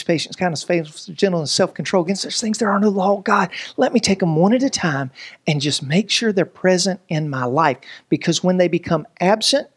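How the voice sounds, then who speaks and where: Pastor guy preaching, high-pitched, jokey, does little voices. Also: husky. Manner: animated, joking, preacherly delivery with voices and asides. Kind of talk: sermon.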